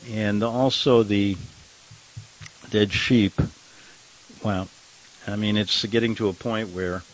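An older man with a somewhat low voice hosts a talk radio show. He rambles from one point to the next in a sarcastic, offhand way, chuckling at his own jokes. A slight cough hangs on him. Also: poor audio. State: has a cough.

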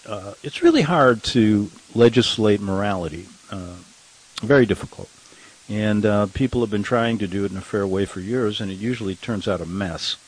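A man's voice: lowish voice, normal speed, husky, poor audio. An older man hosting a talk radio show, rambling and sarcastic, chuckling at his own remarks and fighting a slight cough. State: has a cough.

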